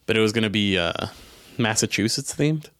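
A man's voice: on the low side, moderate pace, no room sound, clean studio sound. A young man chatting casually as a podcast co-host, joking and laughing often. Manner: jokey, laughs often, animated bursts. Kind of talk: casual chat.

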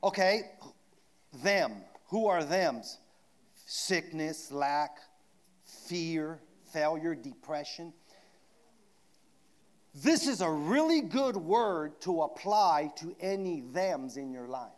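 A man preaching a sermon, swinging from shouted declarations down to hushed asides. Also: a little high, animated, slow pace, long pauses.

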